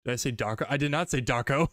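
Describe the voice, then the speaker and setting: A man streaming casually, chatting with viewers with a laugh, then reading a creepy story aloud in an even first-person voice. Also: medium pitch, fast, no echo, studio quality. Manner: joking, laughs often, reads steadily.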